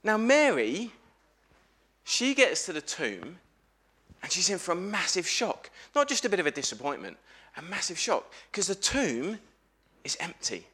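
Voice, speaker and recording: A man giving a lively family sermon in church, telling a story and asking the congregation questions. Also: sits high, unhurried, breathy edge. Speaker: preacher at a family service. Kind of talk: lively all-age sermon with questions to children.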